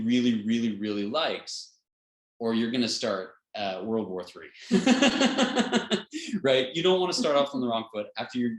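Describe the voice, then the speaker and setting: An earnest male instructor gives an informal health lesson in a fairly low voice. He chuckles now and then and restarts his sentences with plenty of fillers. The sound is roomy, with a clear echo. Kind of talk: informal teaching talk.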